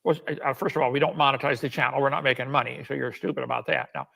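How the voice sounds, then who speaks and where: A man's voice: medium pitch, steady tone, rapid-fire, gravelly, bright, forceful tone. An older man hosting a live call-in show, brusque and mocking toward callers.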